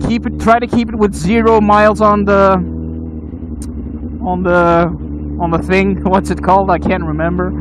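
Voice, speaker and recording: A man with a high voice answers interview questions outdoors, rambling and restarting his sentences. Loud traffic and engine noise roars behind him. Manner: rambling, restarts and repeats words, laughs often. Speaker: motovlog channel host answering questions.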